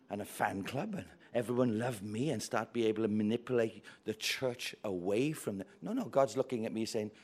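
A man with a medium-pitched, slightly rough voice preaches a sermon by telling a story with great animation. He acts out the characters' voices, swinging widely from quiet to loud.

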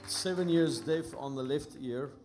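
A man with a South African accent from the ministry team, speaking plainly and haltingly. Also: on the high side. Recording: live with music behind.

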